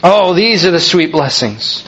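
A man's voice: a little high, animated, measured pace, fairly bright tone, breathy edge, dull audio. A male pastor preaching a sermon, emphatic and full of rhetorical questions, building to fervent peaks.

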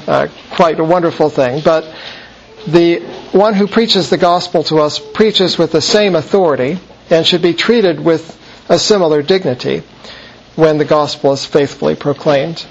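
A man with a slightly high voice walks through a Bible passage in an explanatory lecture. He pauses and corrects himself now and then. The recording sounds dull and lo-fi, with faint background hiss. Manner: explanatory, with fillers and self-corrections. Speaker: Bible teacher.

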